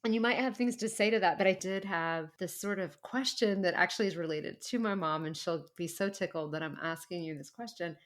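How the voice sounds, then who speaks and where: A middle-aged woman co-hosting a podcast interview, chatting casually, emotional and quick to laugh as she rambles through her stories. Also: lowish voice. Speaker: podcast co-host.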